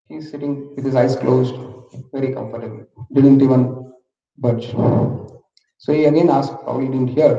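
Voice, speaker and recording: A man's voice: mid-range voice, brisk, mellow. A man with an Indian English accent giving a motivational talk, telling a story and asking the audience questions. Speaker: motivational speaker. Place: large hall. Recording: echoey hall from far off, dull.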